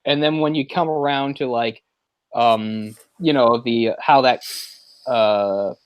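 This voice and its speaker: A man's voice: mid-range voice, slow pace, smooth, no echo, dull audio. Guy co-hosting a movie podcast, rambly, loses words, laughs a lot, dry sound. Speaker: podcast co-host. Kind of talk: casual movie discussion.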